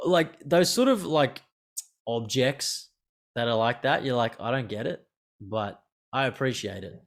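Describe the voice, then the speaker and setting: A man hosts a casual podcast over a remote call, talking in loose, rambling runs. He leans on "like" and swears without a second thought. His pitch sits in an ordinary middle range. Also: lively intonation, measured pace, gravelly. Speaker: podcast host.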